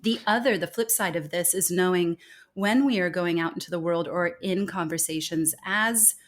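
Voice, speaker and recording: A woman speaking as a guest in a conversational podcast interview, talking with emphasis and growing animated when she quotes others. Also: on the low side, normal speed. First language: English.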